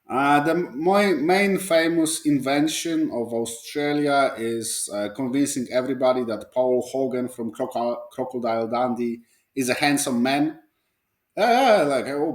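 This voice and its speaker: Man, mid-pitched voice, rambling profane comedy monologue, roomy sound. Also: darkish tone. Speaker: podcast host.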